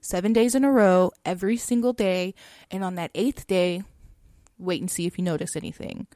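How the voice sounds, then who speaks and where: A woman's voice: lowish voice, fairly even intonation, normal speed, dry recording. Chatty woman telling a story, dry sound. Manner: chatty, frequent "like" and soft laughs. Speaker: podcast co-host telling a story. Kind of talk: casual storytelling.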